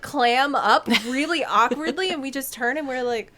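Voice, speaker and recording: A young woman guest in casual chat, a lively storyteller who acts out what people said. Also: sits high, normal speed. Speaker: podcast guest, co-streamer.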